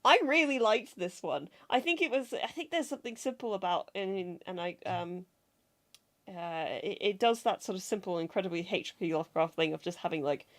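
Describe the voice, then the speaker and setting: A woman's voice: fairly low pitch, moderate pace. A woman co-hosting a film review show, talking in an enthusiastic, rambling way with frequent laughs, and sounding like she has a cold. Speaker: podcast co-host. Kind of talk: casual film review chat.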